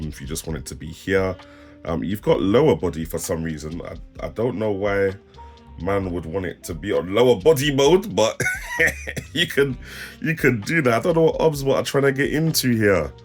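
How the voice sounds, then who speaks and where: Deep-voiced South East London tech reviewer. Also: male voice, normal speed, faint music behind. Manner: London slang, laughs, lively and playful. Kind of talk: casual product demo to camera.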